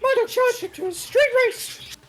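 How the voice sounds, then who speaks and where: A woman streamer reading a game's narration aloud in a playful, animated way. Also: extremely high pitch, normal speed, soft background music. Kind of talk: game narration read on stream.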